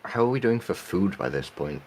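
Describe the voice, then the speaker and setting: A man playing in a tabletop game, joking quickly with the table. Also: sits low, animated, a little mellow, husky. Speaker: player.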